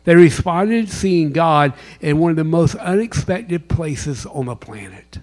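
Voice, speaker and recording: A man giving a sermon as a chaplain, with dramatic storytelling, sudden loud bursts and hushed whispers. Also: on the high side, lively intonation, unhurried.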